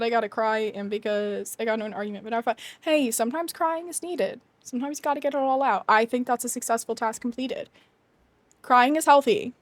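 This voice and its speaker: High-voiced chatty woman streamer. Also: no room sound. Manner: chatty, animated, laughs often, emphatic rants. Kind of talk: casual chat to live chat.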